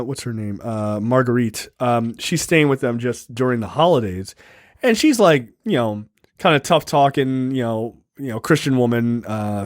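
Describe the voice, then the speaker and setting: A man's voice: mid-range voice, no echo. Guy rambling about a movie on a podcast, lots of ums, mid voice, dry close mic. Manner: rambling, with frequent ums and jokey asides. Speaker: podcast co-host. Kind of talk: casual movie review chat.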